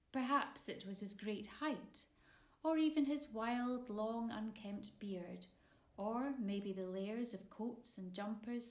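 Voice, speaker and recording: Slow woman reading a storybook. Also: medium pitch. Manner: expressive, measured storytelling. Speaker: author narrating her own children's story. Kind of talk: storybook narration. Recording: roomy echo.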